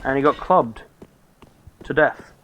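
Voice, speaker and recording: A man streaming a game from home who grumbles, swears and mutters his way through each attempt. His voice sits at a middle pitch and comes through a desk microphone with a faint background hiss. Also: slow, lo-fi sound. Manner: exasperated, swearing, muttering to himself. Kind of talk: live gameplay commentary.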